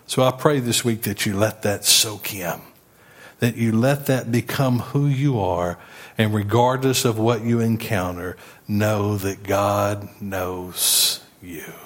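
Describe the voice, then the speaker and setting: A man preaching a sermon as pastor, emphatic, leading the congregation in call-and-response. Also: medium pitch.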